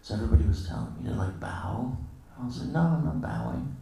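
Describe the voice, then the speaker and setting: Gravelly man telling stories in an echoing hall. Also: lowish voice, lively intonation, quick pace, dark tone. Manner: casual storytelling, acting out quoted dialogue with chuckles. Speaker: guest lecturer at a temple. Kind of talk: anecdotal morning lecture. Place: temple hall. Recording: very echoey hall, distant mic.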